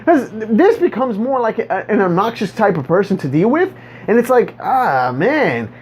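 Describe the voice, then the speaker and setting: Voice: mid-range voice, big pitch swings, moderate pace, a little mellow, a little hiss or hum. A vlogger ranting casually to viewers, rambling and stumbling over repeated words with a sarcastic edge. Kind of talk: casual monologue rant. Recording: dull lo-fi recording.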